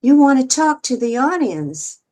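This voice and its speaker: A woman voicing a famous male comedian, calm and gently encouraging, in a low, soft, hushed delivery. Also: moderate pace. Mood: coaxing.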